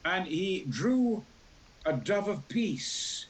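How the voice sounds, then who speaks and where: Speaking very slowly on a rough recording, an octogenarian man with a Yorkshire accent regales a talk show audience with theatrical tales. He acts out every character, and his larger-than-life voice booms with sudden loud outbursts.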